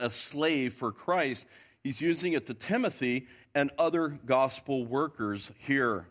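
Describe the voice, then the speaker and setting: Emphatic preaching man. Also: medium pitch. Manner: emphatic preaching with repeated rhetorical questions. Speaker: pastor. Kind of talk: sermon. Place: church.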